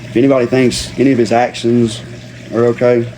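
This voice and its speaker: A man's voice: medium pitch, level tone, brisk, dark tone, slight background noise. Man ranting angrily on a livestream. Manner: profane, slangy, repeats himself for emphasis. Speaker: livestream host. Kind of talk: heated livestream rant.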